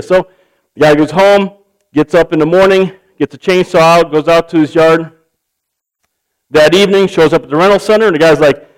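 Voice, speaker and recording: Man, pastor, high voice, animated storytelling sermon. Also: moderate pace, poor audio. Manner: animated storyteller, acts out characters. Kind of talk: sermon with a told joke.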